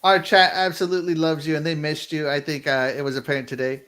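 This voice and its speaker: A man's voice: on the high side, little pitch movement, quick pace, fairly bright tone. A man hosting a gaming podcast in casual chat, upbeat and rambling with fillers. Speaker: podcast host.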